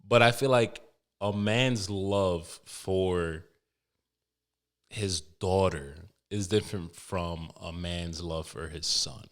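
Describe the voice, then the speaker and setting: A young man hosts a podcast in a casual monologue, rambling through an emotional, profanity-laced story and restarting often. His voice sits low and he speaks slowly.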